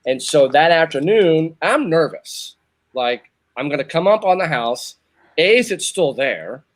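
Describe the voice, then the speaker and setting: A man's voice: fairly high pitch, big pitch swings, a little slow. A man in his fifties from Northern Virginia, telling a long personal story in casual chat, rambling and restarting his sentences. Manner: rambling, repeats himself, restarts. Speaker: show host.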